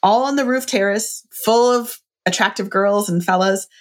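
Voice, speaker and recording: A woman's voice: mid-range voice, moderate pace. A middle-aged woman chatting casually and enthusiastically about wine and a book, with lots of fillers.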